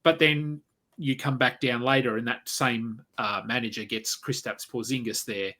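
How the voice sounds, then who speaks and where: Male guest analyst, bright tone, medium pitch, relaxed and thinking out loud. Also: normal speed. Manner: easygoing, thinks aloud with fillers. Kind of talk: casual fantasy sports chat.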